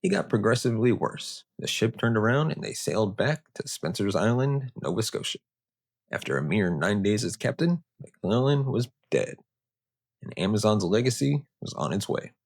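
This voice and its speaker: A man's voice: on the low side, sing-song, moderate pace, gravelly. A man hosting a history podcast, telling the story casually with sarcastic, joking asides. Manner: casual, sarcastic, riffing off-script. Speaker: podcast host.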